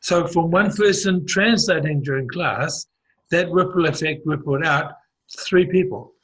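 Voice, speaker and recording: A man with a New Zealand accent tells a story in casual conversation, rambling with many restarts and fillers. His voice is on the high side, husky and a bit bright, with a measured pace and a rough recording.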